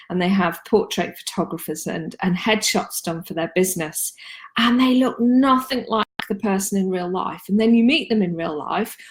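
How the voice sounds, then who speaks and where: A woman, talking casually and practically about marketing tips on a live stream, with frequent ums. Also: mid-range voice. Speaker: marketing consultant and host.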